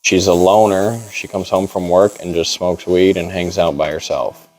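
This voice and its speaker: A man's voice: low voice, fairly even intonation, normal speed, a little mellow, a little hiss or hum, poor audio. A young man casually telling a long story in a barbershop, laid-back and full of "like". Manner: rambling, laid-back, heavy on "like".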